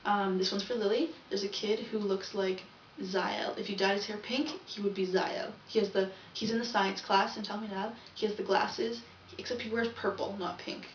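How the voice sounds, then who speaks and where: Recorded from a distant mic, the sound is echoey and dull, with slight background noise. A young woman vlogger keeps up a chatty, rambling video diary, frequently correcting herself. Her medium-pitched voice is fairly even, at a moderate pace with few pauses.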